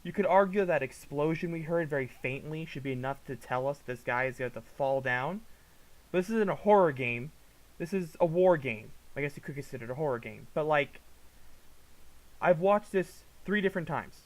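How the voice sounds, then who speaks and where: Man, slightly higher voice, casual reaction commentary, exasperated and profane, low mutters then loud outbursts. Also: lively intonation, moderate pace, poor audio. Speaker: commentary vlogger.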